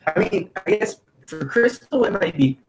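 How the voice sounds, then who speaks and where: A man, a player, chats casually about the campaign, mostly agreeing in short bursts. His voice is gravelly and a bit higher than most men's, with lively pitch. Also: normal speed, soft background music, low-quality recording. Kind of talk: casual podcast chat.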